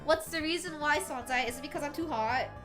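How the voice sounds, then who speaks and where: A woman's voice: high voice, a little fast. A young woman streamer chatting casually with her viewers, giggling often and teasing as she reads chat aloud. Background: soft background music.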